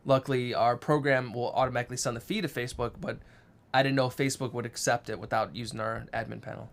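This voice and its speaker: Fast-talking man telling a family story. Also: medium pitch, steady tone. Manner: storytelling, acts out quotes, brisk. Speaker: co-host. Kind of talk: casual live-stream chat.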